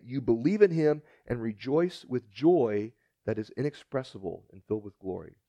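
Man, preacher, mid-pitched voice, dry close recording, animated storytelling. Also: no echo. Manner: storytelling, acts out the dialogue with shifting pitch and volume. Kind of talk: sermon.

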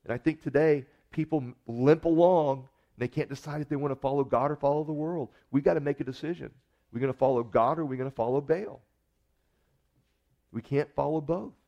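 A man's voice: fairly high pitch, a little fast, muffled recording. A pastor preaching a sermon in a conversational way, with wry humor as he retells scripture.

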